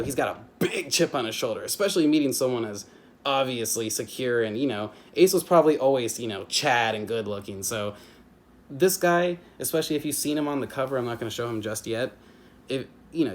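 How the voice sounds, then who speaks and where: A man's voice: medium pitch, lively intonation, slight background noise. Rambling man doing a casual review. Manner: rambling, heavy on fillers and restarts, slips into quick character impressions. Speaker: YouTube book reviewer. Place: home with family nearby.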